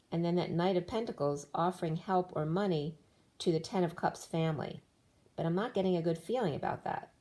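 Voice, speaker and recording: A woman's voice: lowish voice, darkish tone. A woman doing a tarot card reading, rambling through the cards with restarts, her voice worn as she loses it. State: losing her voice. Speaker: tarot reader.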